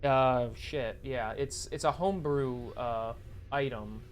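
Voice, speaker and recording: A man's voice: mid-range voice, slow, a little hiss or hum. A man acting as game master of a tabletop game on a stream, talking in a rambling, joking way. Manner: rambling, self-deprecating, joking.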